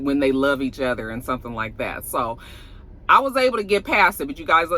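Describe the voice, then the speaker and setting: Bright, chatty man recapping an episode. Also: fairly high pitch. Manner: animated, acts out characters' lines in a raised voice; chatty, talks straight to the viewers. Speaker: TV episode reviewer. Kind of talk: casual recap and review.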